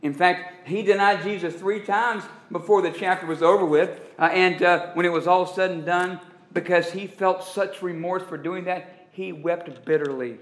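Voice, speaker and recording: A preacher with dramatic pauses in an echoey room. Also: male voice, high-pitched, steady tone, fairly bright tone. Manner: dramatic pauses, stretching key words for emphasis. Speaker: pastor. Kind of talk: sermon.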